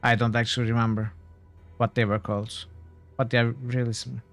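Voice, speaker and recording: Male game streamer, mid-pitch voice, chatty and hesitant, casual commentary. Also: little pitch movement, brisk, a bit bright, soft background music. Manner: chatty, hesitant, reads game text aloud.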